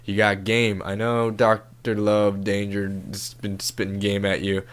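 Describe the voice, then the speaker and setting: A man's voice: lowish voice, completely flat delivery, measured pace, clear, resonant tone. A man hosting a comedy podcast, giving relationship advice in a casual, profane, laid-back way. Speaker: podcast host.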